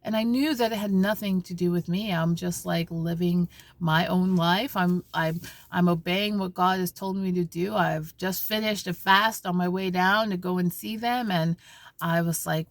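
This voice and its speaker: A woman vlogging from a parked car, telling a story in an animated, conversational way with many restarts and asides. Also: medium pitch, moderate pace, creaky, no echo. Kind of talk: casual spiritual vlog talk.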